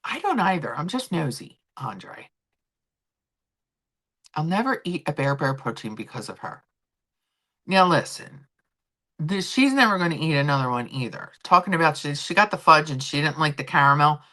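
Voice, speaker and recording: A woman's voice: deep voice, sing-song, moderate pace, long pauses, pushed and bright. A woman hosting a casual chat livestream, rambling and swearing freely as she talks to her viewers. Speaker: livestream host.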